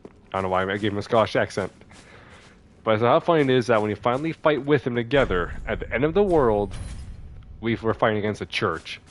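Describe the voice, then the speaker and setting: A man's voice: lowish voice, expressive, fairly quick. A man giving casual commentary as he plays a video game, chatty and thinking aloud as he reacts to the game. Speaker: let's play host.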